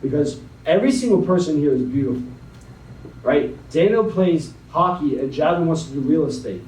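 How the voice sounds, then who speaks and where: A young man as a guest speaker, slowly and dramatically reading a spoken word poem, then talking to a young audience. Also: on the high side, expressive, darkish tone, a little hiss or hum. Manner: slow, dramatic poetry reading. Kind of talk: spoken word poetry then motivational talk. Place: conference hall. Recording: echoey hall, mic at a distance.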